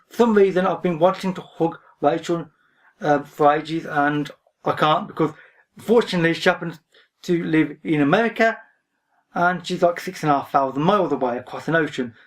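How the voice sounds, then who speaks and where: A man vlogging about books in a casual, rambling way, reserved in manner. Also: a little high. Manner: reserved, rambling, often says "frankly". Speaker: book vlogger. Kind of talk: casual talk to camera. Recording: voice a bit distant from the mic.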